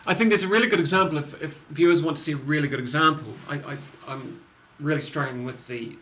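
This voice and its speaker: A man co-hosting a casual conversation, telling stories in an animated way with many restarts. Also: fairly high pitch, quick pace. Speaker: podcast co-host. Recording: echoey room with faint noise.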